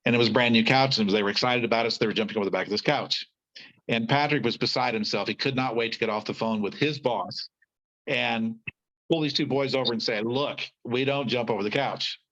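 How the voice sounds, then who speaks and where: A man's voice: medium pitch, fast, fairly bright tone, lo-fi sound. An older man, an author and guest, telling folksy stories in casual conversation, rambling with frequent restarts.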